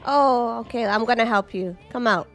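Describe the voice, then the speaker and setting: A woman giving excited, chatty commentary while playing an arcade game, with squeals and laughs. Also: on the high side, moderate pace, soft background music. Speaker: gaming streamer.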